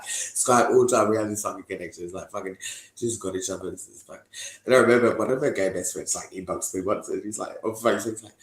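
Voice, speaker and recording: A man's voice: medium pitch, a bit bright. A young man giving a candid, rambling interview testimony, swearing often and laughing between thoughts. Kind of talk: candid casual talk. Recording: echoey room.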